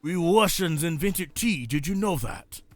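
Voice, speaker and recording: A man voices a shy huntress sweetheart in a raised, sweet tone, drawing her words out softly. Her voice stays smooth and gentle, like a dating sim heroine. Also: high voice, unhurried, no room sound, soft background music, pitched above the performer's own voice. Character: shy adoring huntress woman, soft-spoken.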